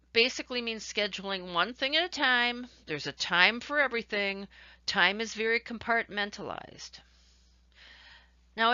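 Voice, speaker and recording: A woman's voice: mid-range voice, bright, forceful tone, dry recording, lo-fi sound. A woman teaching a recorded lecture, explaining ideas with worked examples and shifting emphasis. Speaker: instructor.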